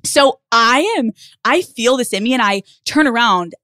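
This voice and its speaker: A woman's voice: on the high side, moderate pace, no echo, clean studio sound. A young woman, a podcast guest, telling a story in casual talk and acting out the voices of the people in it. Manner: animated, acts out voices in her stories.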